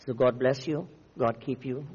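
A man's voice: medium pitch, steady tone, a little slow, a little mellow, breathy edge, in a large hall, muffled recording. A man from Namibia preaching a fiery, declamatory sermon as a visiting preacher. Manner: fiery, declamatory, rising and falling.

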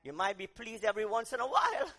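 A male preacher with a strikingly high, bright voice that leaps up and down in pitch. He moves between soft, intimate asides and shouted declarations, acting out the voices of people he quotes. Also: very animated, quick pace. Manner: swings from quiet asides to shouted emphasis. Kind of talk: sermon.

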